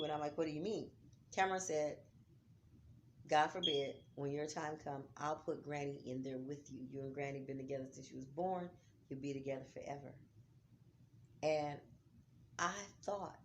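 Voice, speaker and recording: A middle-aged woman talking at home about grief, heartfelt, dropping to near-whispers and rising to loud urging. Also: low-pitched, fairly even intonation, moderate pace, long pauses, slight background noise. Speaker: vlogger. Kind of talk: emotional vlog talk. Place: home, on a couch.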